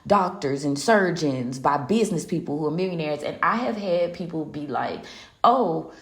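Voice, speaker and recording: Gravelly, sassy woman in an echoey room. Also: low-pitched, lively intonation, normal speed. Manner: sassy, profane, laughs often. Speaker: spiritual reader hosting a live collective reading. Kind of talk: casual live-stream rant.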